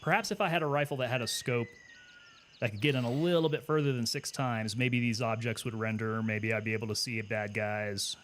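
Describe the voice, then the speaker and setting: A man's voice: medium pitch, fairly quick, fairly bright tone, slight background noise. Chatty male gameplay streamer. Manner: chatty, thinks aloud, answers chat questions. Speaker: gaming streamer and Army veteran. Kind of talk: casual live gameplay commentary.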